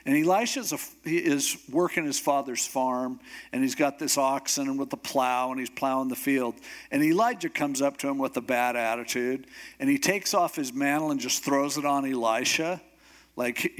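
A pastor preaching a sermon, telling a story in an animated, humorous way. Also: male voice, medium pitch, normal speed.

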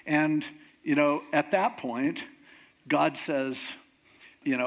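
A man's voice: a little high, fairly even intonation, takes it slowly, long pauses, fairly bright tone. A man teaching a Bible story in a casual, conversational way, acting out the characters as he goes.

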